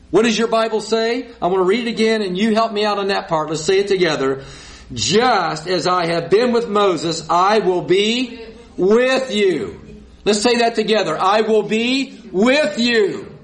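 Here a man with a high voice leads a sermon, reading scripture and prompting the congregation to echo his lines. His folksy asides come through despite the low-quality recording.

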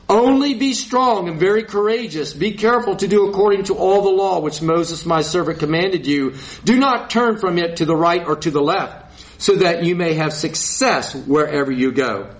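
A man's voice: high voice, poor audio. A man preaching a sermon, reading scripture and leading the congregation to say lines back, with folksy asides. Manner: leads congregation in call-and-response, folksy asides.

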